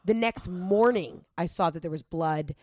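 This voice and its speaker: A woman in her thirties from Atlanta, Georgia, a comedian guest telling animated stories in casual podcast chat and acting out other people's lines. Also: lowish voice, a little slow, very noisy. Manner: animated storyteller, acts out voices in quotes.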